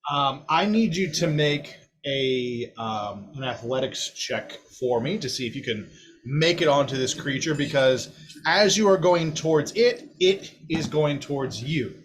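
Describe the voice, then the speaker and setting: A man's voice: mid-range voice, animated, a little slow. Playful man narrating as game master. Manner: vivid, playful narration with frequent laughs.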